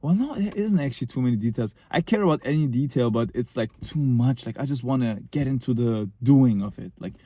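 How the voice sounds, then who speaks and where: A man's voice: medium pitch, lively intonation, a little fast, hardly any pauses, mellow, no room sound. A young man telling a personal story in a casual, rambling monologue, full of fillers and short laughs.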